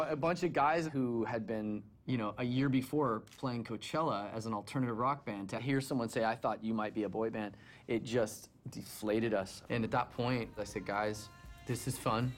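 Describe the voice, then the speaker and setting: A man, a band member, recounting anecdotes in a documentary interview and acting out the quotes. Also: lowish voice. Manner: animated anecdote-telling with acted-out quotes.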